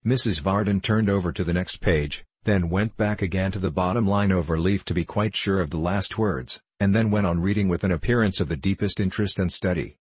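A man narrating a classic novel in measured storytelling. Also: sits low, slightly rough, no room sound. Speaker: audiobook narrator. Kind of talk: scripted narration.

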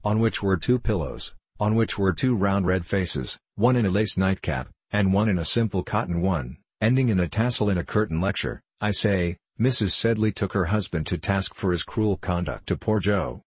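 A man narrates a classic novel in a measured, wry manner. His voice is low and husky. The recording is close and dry. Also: dry recording. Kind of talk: audiobook reading of a classic novel.

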